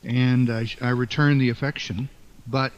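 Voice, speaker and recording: Older man, halting and thoughtful. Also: medium pitch, steady tone. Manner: halting, thoughtful, many fillers and restarts. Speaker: author being interviewed. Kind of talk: reflective interview talk. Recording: dull lo-fi sound.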